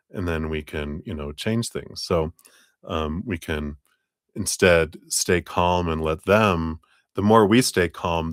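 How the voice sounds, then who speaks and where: Low-voiced man giving a tarot reading. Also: no room sound, clean studio sound. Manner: reflective, coaching, many fillers and restarts. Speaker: tarot reader. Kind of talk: live-stream tarot reading.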